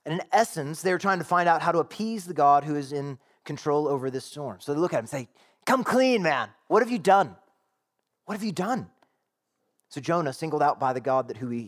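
A man preaching a sermon in a conversational way, acting out quotes and asking the congregation rhetorical questions. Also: mid-range voice. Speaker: pastor.

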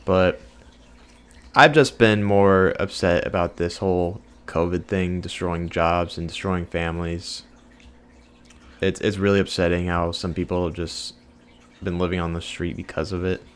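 A man's voice: low-pitched, steady tone, unhurried, slight background noise. A man co-hosting a podcast in casual chat, agreeable, nodding along with short replies and plain opinions. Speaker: podcast co-host.

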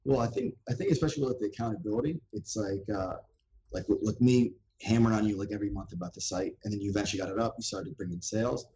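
A man's voice: on the low side, fast, slight background noise, low-quality recording. A man talking as a podcast guest in casual chat, telling stories and acting out the voices of people he quotes. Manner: animated storyteller who acts out quoted voices.

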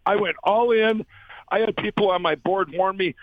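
A man's voice: moderate pace, no echo. A man telling his story as an interview guest, earnest and rambling, acting out quoted voices. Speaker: guest, company founder. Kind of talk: conversational storytelling. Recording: dull, dry low-fi sound.

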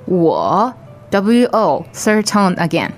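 A woman modelling phrases slowly and clearly as a co-teacher in a podcast lesson. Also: medium pitch, very animated, faint music behind. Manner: slow, clearly enunciated. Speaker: language teacher. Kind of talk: slow model pronunciation.

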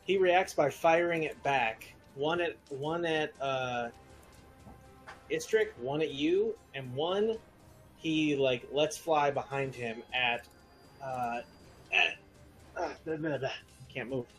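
A man's voice: on the high side, a bit bright, soft background music. Man running a tabletop game as game master. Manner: loose, halting narration with fillers.

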